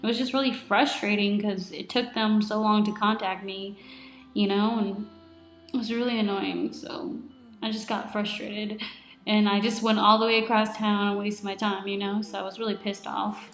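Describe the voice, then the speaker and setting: Twenty-something girl vlogging her week, rambly and chatty, mid pitch, echoey room w/ faint music. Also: flat delivery, moderate pace, a bit bright. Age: 20s. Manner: chatty, lots of "like", retells with quoted reactions. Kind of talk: casual video diary.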